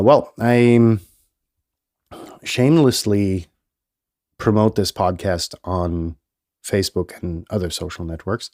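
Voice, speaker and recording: A man's voice: low voice, a little mellow, dry recording, clean studio sound. A man hosting a solo podcast in a rambling, profane, self-amused way, still a bit nasal from a cold. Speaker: podcast host. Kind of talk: casual solo podcast monologue. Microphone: headphones and studio mic.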